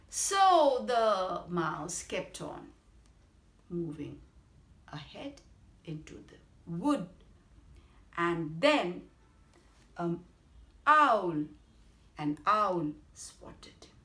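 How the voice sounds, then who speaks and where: A woman with an Indian English accent narrating a bedtime story for children. She talks very slowly, with a lively, swooping pitch, and stops to explain words along the way. Her voice has a roomy echo.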